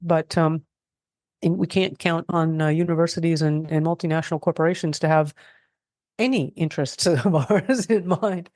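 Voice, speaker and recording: A woman's voice: sits low, normal speed, dry recording. Middle-aged woman rambling on in an interview, dry close sound, lots of restarts. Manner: rambling, animated, many restarts. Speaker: guest expert on food self-reliance. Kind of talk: casual interview talk.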